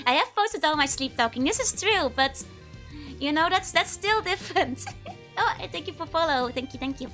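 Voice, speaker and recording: A woman's voice: high-pitched, moderate pace, pushed and bright, soft background music. A woman, chatting casually with viewers on a live stream, giggling often while her voice is still recovering from illness. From Netherlands. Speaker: VTuber streamer.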